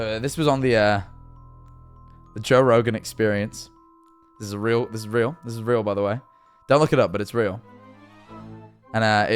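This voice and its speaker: A man chatting casually on his livestream, rambling and swearing freely as he reads chat and jumps between topics. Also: fairly low pitch. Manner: rambling, sweary, jumpy and quick to laugh. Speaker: streamer.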